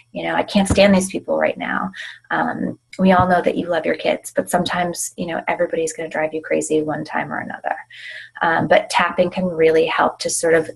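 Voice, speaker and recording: Brief: woman, tapping instructor, gravelly edge, breathy tone, relaxed and informal. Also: medium pitch, rough recording. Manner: informal, filler-heavy, slow repeated affirmations. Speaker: tapping teacher. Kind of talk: guided tapping demonstration. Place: home.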